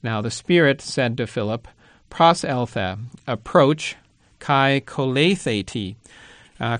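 A man teaching biblical Greek in a lecture, reading the text and explaining it word by word, pausing often with ums and uhs. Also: mid-range voice, a bit bright, dry recording, clean studio sound. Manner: slow and halting, many ums and uhs; reads Greek words slowly and carefully.

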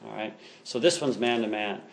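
A man's voice: on the low side, moderate pace, creaky. Enthusiastic male teacher lecturing a class. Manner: enthusiastic, explanatory, reads passages aloud.

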